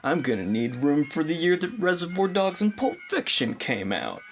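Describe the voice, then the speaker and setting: A man's voice: a little high, wildly swooping pitch, moderate pace, hardly any pauses, soft background music. A young man delivering a sarcastic, mock-instructional comedy monologue as host of his own video. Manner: sarcastic, mock-instructional, shifts into silly voices. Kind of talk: satirical scripted monologue.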